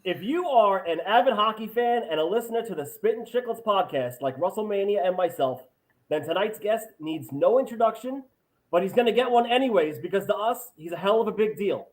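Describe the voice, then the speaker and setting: A high-pitched man with a Long Island accent hosts an interview podcast. He reads his introductions with eager build-up and keeps the chat casual. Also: lively intonation, fairly quick, poor audio. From Long Island, New York. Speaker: podcast host. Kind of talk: interview host, read-out intro.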